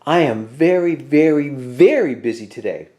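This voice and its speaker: A grumpy, fussy storybook bear who blusters and roars his complaints, voiced by a man reading aloud. His voice is mellow and dark, yet lively in its ups and downs. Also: mid-range voice, moderate pace, lightly acted. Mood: angry. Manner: blustering and cross.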